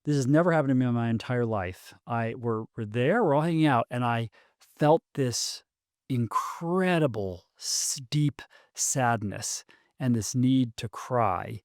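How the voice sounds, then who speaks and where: A man's voice: medium pitch, dry recording. Guy in his 40s, guest on a podcast, stops and restarts a lot, dry close sound. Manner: halting, restarts often, many ums. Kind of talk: casual storytelling conversation.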